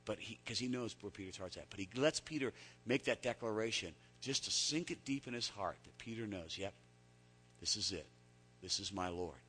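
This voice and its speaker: A male pastor preaching with a low-set but bright, forceful voice. He tells stories conversationally, dropping to near-hushed asides and then climbing to loud, emphatic peaks. His words ring out through the long reverb of a large hall. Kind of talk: sermon.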